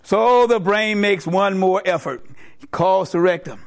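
A man's voice: high voice, measured pace, creaky. A middle-aged man preaching a sermon, telling a joke and acting out its characters in a storytelling manner. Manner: storytelling, animated voices for characters.

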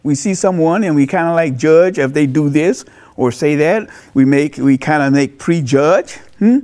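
A man preaching a sermon, animated and emphatic, repeating key phrases for effect. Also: on the high side, normal speed. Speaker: pastor.

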